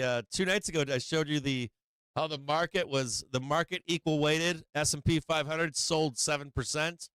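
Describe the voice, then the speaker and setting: A man's voice: fairly high pitch, a bit bright, smooth, no room sound. A man hosting a casual stock market livestream, brash and profane, talking prices and trading levels. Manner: brash, profane, whooping and laughing.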